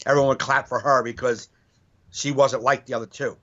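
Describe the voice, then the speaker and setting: A man's voice: medium pitch, fast talker. A man, a stand-up comedian, telling club stories in casual, profane podcast chat. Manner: profane, animated storytelling with acted quotes. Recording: dull lo-fi podcast audio.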